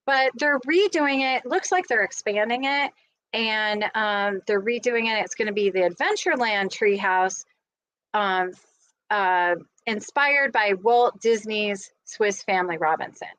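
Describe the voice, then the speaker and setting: A woman's voice: mid-range voice, fairly bright tone, no echo, low-quality recording. A woman vlogger chatting to her viewers in a casual, gushing, rambling recap. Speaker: vlogger host.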